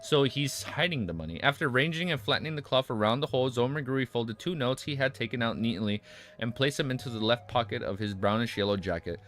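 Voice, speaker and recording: A man with a raspy voice reads a web novel aloud, stumbling over words, rereading lines and breaking off into excited asides. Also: medium pitch, fast talker, faint music behind. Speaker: streamer reading a web novel aloud and reacting. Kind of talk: casual reading with live reactions.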